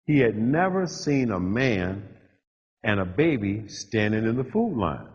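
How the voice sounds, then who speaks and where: Husky man telling his story in a hall. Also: on the low side, sing-song. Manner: punchy short phrases with dramatic pauses. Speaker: motivational speaker. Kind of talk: storytelling keynote speech. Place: large hall with a live audience. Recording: dull lo-fi live hall recording.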